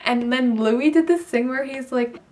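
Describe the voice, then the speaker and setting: Excited young woman telling a story. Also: high-pitched, moderate pace, background noise. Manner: excited and gushing, lots of 'like'. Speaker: vlogger. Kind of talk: casual storytelling to camera.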